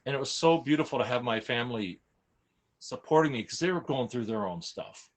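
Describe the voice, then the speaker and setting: A man speaks candidly about a difficult time, his voice sitting in a middle pitch. He is emotional and frank, and he trips over and restarts his sentences as he goes. It is loose, conversational storytelling, not a prepared speech. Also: lively intonation, a little fast. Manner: emotional, open, frequent restarts and self-corrections. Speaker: guest sharing a personal story. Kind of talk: candid personal storytelling in casual chat.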